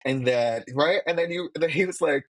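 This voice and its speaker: A man co-hosting a podcast, chatty and affirming, often chiming in with quick agreement. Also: a little high. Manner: chatty, affirming, fills with yeah. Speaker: podcast co-host. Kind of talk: casual podcast chat.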